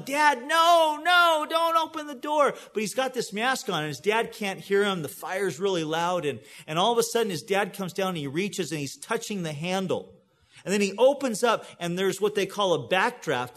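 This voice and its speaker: A middle-aged man preaching a sermon, earnest, often dropping low and soft on key phrases. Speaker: pastor.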